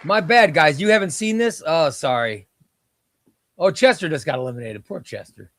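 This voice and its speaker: A man with a fairly high-pitched voice, talking casually as he hosts a comics livestream. He chats with viewers and lets out loud exclamations as each name comes up. The sound is close and dry, with a faint crowd murmur underneath. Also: animated, normal speed, no echo. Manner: chatty, exclaims at each elimination. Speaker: comic book livestream host.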